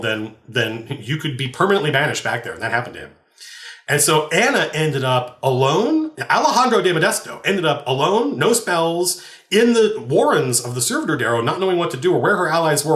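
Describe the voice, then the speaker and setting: Man, game master, rambling anecdote, laughs, restarts, bright voice, echoey room. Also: a little high. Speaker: game master and podcast host. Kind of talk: casual anecdotal storytelling. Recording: roomy echo.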